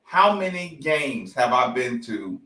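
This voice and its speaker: A man's voice: mid-range voice, sing-song, takes it slowly, bright, forceful tone, recorded from a distance. A man hosting a sports talk show, ranting in a fired-up, profane, repetitive way. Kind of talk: heated sports talk rant. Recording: echoey room, voice off-mic.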